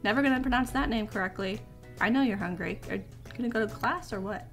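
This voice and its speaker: A woman giving casual let's-play commentary, chatty and excitable as she reacts aloud to the game. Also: on the high side, fast talker, soft background music. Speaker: gaming video creator.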